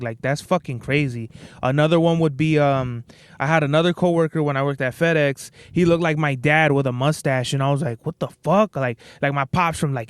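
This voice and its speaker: A young man hosts his own podcast, drifting from story to story in a loose, profane, laid-back ramble. His voice sits a little high and comes through smooth and clean. The sound is dry and close, with no room echo. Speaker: podcast host. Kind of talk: casual solo podcast monologue.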